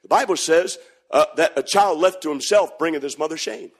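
A man preaching a sermon, shouting in sing-song bursts and then dropping to a hush. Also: fairly high pitch, a little fast, slightly rough.

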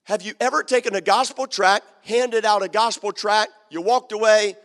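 A man's voice: high-pitched, fairly even intonation, normal speed, a bit bright. A male pastor preaching a sermon, emphatic and repetitive, acting out the quotes in his story. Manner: emphatic, repeats key lines, acts out quotes. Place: church sanctuary. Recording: long hall reverb.

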